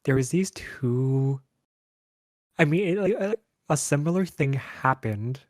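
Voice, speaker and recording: A man's voice: medium pitch, lively intonation, takes it slowly, no echo. A man, a podcast co-host, telling a story in casual chat, hesitant and rambling.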